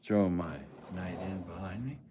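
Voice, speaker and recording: A man's voice: low voice, measured pace, dull audio, noisy background. A man hosting a live stream, talking in a rambling, laid-back way with lots of fillers. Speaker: livestream host. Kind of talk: casual live-stream chat.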